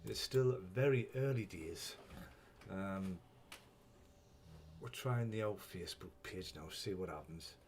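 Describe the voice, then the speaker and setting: A man's voice: low-pitched, lively intonation, slow pace, long pauses, a little mellow, a little hiss or hum. A man hosting a casual live stream, rambling, swearing freely and chuckling often as he greets viewers.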